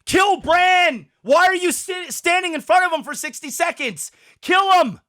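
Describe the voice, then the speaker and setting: A man hosting a podcast, giving a profane, exasperated rant about a TV episode, worked up and sweating, with shouted outbursts. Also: very high-pitched, normal speed. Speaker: podcast host. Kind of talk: ranting show reaction.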